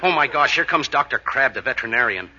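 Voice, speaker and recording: A hapless young shopkeeper, played by a man in a vintage radio comedy, earnest and self-deprecating. The audio is muffled and carries steady hiss. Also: medium pitch, quick pace, lightly acted. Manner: earnest, rising to comic exasperation. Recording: muffled old radio recording with clear hiss.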